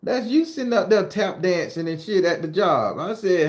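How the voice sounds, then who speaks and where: A man's voice: high voice, lively intonation, normal speed, echoey room. A middle-aged man from southern Florida hosting a spooky-story channel, chatting casually and joking with live viewers in a loose, profane way. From southern Florida, USA. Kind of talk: casual live-stream chat answering viewers.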